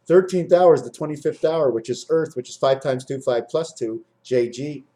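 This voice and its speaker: A man in his fifties rambling through a spiritual monologue to camera, swinging between high loud bursts and low muttering. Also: moderate pace. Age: 50s. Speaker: vlogger.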